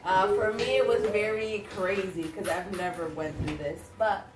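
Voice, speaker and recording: A woman co-hosting a casual chat show, telling lively stories and acting out what people said. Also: medium pitch, moderate pace. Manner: lively storyteller, acts out quotes. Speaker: co-host. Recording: echoey room, distant mic, noisy.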